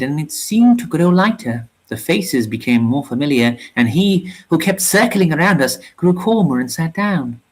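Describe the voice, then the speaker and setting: A storyteller reads a bleak war novella aloud at a steady, measured pace, with a somber tone. The voice sits in a middle register, neither high nor low. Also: poor audio. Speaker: reader of a story channel.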